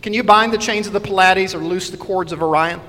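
Male preacher with a higher-pitched voice, earnest expository sermon, echoing church. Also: fairly quick, bright, forceful tone. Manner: earnest expository preaching, reading scripture aloud.

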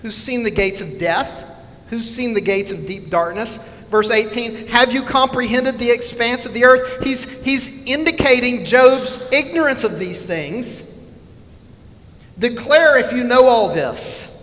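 Male preacher with a higher-pitched voice, earnest expository sermon, echoing church. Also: a little slow, a bit bright. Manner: earnest expository preaching, reading scripture aloud.

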